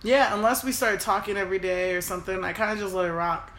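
A young woman chatting casually about her past, emotional and animated. She acts out quoted lines with sudden leaps in pitch and volume. The recording sits in an echoey room with a faint hiss underneath. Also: quick pace. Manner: emotional, animated, quotes people in raised voices. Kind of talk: casual personal storytelling.

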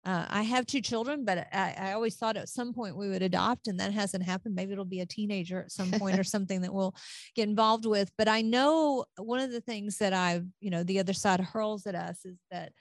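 Woman host chatting, lots of um and you know, mid pitch, dry sound. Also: steady tone, fairly quick, dry recording. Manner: chatty, many fillers and restarts. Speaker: interview host. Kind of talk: conversational interview.

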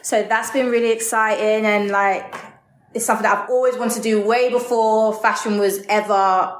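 A woman in her thirties from England, answering interview questions in a chatty, relaxed way with lots of "like". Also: a little high, normal speed. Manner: chatty, lots of "like", laughs easily. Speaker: guest, model. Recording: roomy echo.

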